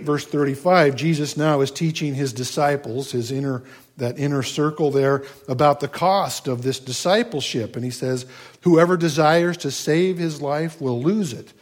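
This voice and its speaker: A man's voice: a little high, a little mellow. A man preaching a sermon in a conversational, folksy way, with asides and rhetorical questions. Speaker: pastor.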